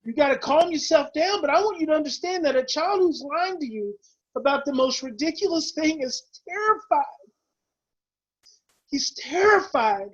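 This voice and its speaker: A man's voice: extremely high pitch, expressive, moderate pace, a bit bright, dull audio. A man presenting a parenting webinar, urging parents on in an emphatic, repetitive, preacher-like way. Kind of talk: impassioned webinar teaching.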